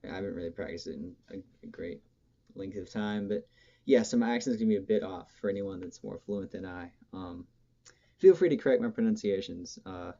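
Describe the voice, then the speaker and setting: A man with a low, mellow voice talks through a loose monologue about music, stopping often for ums and restarting his sentences. The recording sounds dull and lo-fi. He sounds like someone thinking aloud into a home mic. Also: brisk. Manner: hesitant, many ums, self-correcting. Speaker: music commentator. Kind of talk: rambling casual monologue.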